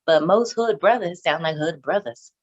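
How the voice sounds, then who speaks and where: Measured woman co-host, slightly muffled. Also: fairly low pitch. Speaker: podcast co-host. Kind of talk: casual chat.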